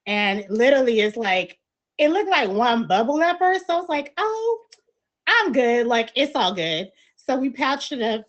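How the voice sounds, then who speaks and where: Animated woman telling a party story. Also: mid-range voice, lo-fi sound. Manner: animated storyteller, acts out quotes. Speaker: panelist. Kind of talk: storytelling on a panel show.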